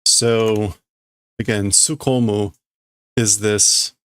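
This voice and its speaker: A man's voice: on the low side, steady tone, extremely slow, fairly bright tone, clear, resonant tone, no room sound. A man on a casual live stream, translating a manga aloud as he goes, hesitant and correcting himself as he works things out. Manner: hesitant, thinks aloud with restarts and self-corrections. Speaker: livestreamer.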